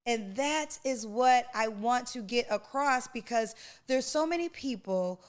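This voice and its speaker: Woman, 40s, podcast host; smooth voice, slightly high; emotional, preacherly testimony. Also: animated, measured pace. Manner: emotional, preacherly, addresses listener as honey and baby. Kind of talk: personal testimony.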